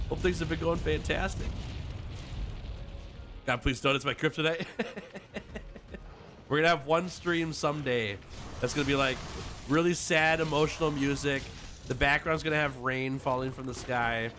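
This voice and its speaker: A man's voice: fairly high pitch, measured pace, pauses often, pushed and bright. A man streaming a game, chatting casually and playfully with his viewers, laughing often and reading their messages aloud. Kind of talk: casual livestream chat with viewers. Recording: game music playing behind.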